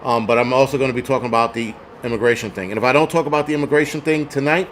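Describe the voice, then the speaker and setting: A man's voice: mid-range voice, rapid-fire, hardly any pauses, fairly bright tone, a little hiss or hum. Blunt, foul-mouthed man ranting on a livestream. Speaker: livestream host reading chat. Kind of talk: casual livestream chat.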